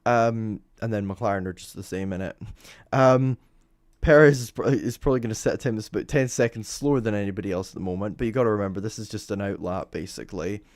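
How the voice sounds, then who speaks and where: Young Scottish man, casual livestream commentator, mid pitch, dry close sound. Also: quick pace, no echo. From Scotland. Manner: rambling, chatty, lots of ums and self-corrections. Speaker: motorsport livestream host. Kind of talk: live commentary over timing screens.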